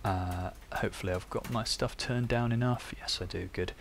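A man's voice: fairly low pitch, steady tone, normal speed, vocal fry, slight background noise. A young man chatting and thinking aloud while he codes live on stream. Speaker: developer live-coding on stream. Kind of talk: live coding tutorial.

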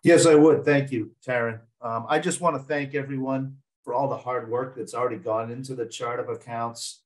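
A man presenting a finance briefing, measured and steady with frequent filler words. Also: mid-range voice, distant mic, low-quality recording. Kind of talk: scripted informational briefing.

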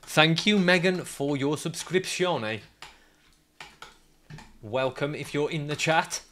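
A man's voice: on the high side, slow, fairly bright tone, slight background noise. Swearing man ranting at a game. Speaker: streamer. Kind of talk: live gameplay commentary.

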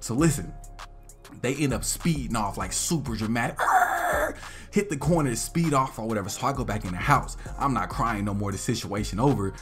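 A young man casually telling a funny story to his viewers, slangy and animated, acting out relatives in loud, high voices. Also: a little fast, soft background music. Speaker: vlog host telling a story.

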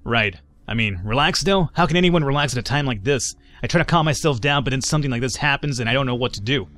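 A man's voice: mid-range voice, lively intonation, fast talker, fairly bright tone. A man casually commentating a game he plays, chatty and joking, reading dialogue in voices. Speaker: gaming YouTuber. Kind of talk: let's play commentary.

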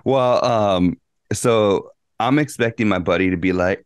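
A man's voice: fairly low pitch, a little slow, clear, resonant tone, dry recording, studio quality. A man co-hosting a podcast, telling a long profane story with lots of restarts and fillers. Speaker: podcast co-host. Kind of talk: casual chat.

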